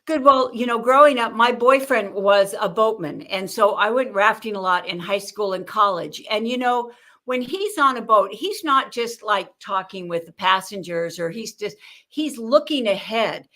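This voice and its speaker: An older woman, a guest on an interview show, telling lively stories about communication and acting out the people she quotes. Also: mid-range voice, moderate pace. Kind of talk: conversational interview with storytelling.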